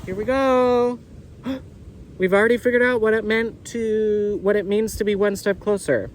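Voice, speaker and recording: A man giving an excitable, effusive tarot reading outdoors on a windy beach, often repeating words. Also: high voice, a little slow, rough recording. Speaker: tarot reader. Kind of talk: casual tarot reading video. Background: wind and faint ambience.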